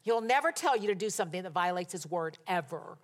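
A woman's voice: fairly low pitch, expressive, fast. A middle-aged woman preaching a sermon, telling personal stories and exhorting her listeners with emphatic repetition.

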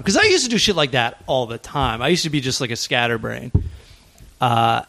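A man telling tour stories on a podcast, his voice of ordinary pitch. He is lively and laughs easily, and he slips into other people's voices as he goes. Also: a little fast, gravelly. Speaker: podcast host. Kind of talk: casual storytelling chat.

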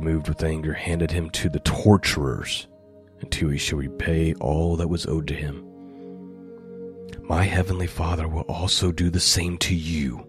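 A male pastor giving a sermon, reading scripture aloud with lifted emphasis and then explaining it in plain, conversational asides. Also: sits low.

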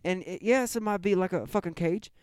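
A man's voice: high-pitched, a little fast, a little mellow, smooth, dry recording, studio quality, natural voice. A man in an improvised comedy sketch, voicing a brash, profane Australian zookeeper who blusters, stumbles over words and says "mate" constantly. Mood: blustering.

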